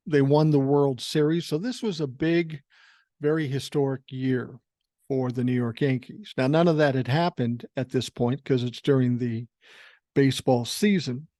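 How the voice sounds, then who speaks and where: An older man in his sixties from Minnesota tells loose, profanity-laced stories on his podcast. His voice sits at an ordinary middle pitch. The sound is close and dry, with no room around it. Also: darkish tone, no echo. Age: 60s. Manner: profane, rambling anecdotal delivery. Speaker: podcast host. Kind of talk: casual storytelling.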